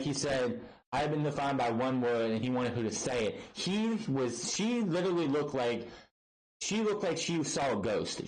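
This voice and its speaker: A man's voice: mid-range voice, low-quality recording. A man casually recapping and reviewing a wrestling show, blunt and rambling, swearing freely and restarting his sentences often.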